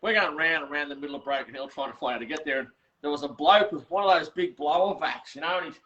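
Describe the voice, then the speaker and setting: A fairly high-voiced Australian man chats and spins stories as the host of a relaxed workshop catch-up. He restarts his sentences often and laughs easily. The sound is dull and lo-fi, like a video call. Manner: chatty storyteller, quick and laughing, many restarts. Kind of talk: casual chat. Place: home workshop.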